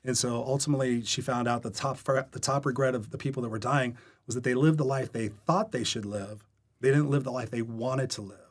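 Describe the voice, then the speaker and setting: A man's voice: mid-range voice, brisk. A man being interviewed as a guest coach on a podcast, telling candid stories with energy and acting out the dialogue. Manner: energetic, candid storyteller who acts out quoted dialogue. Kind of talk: storytelling interview chat. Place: podcast recording.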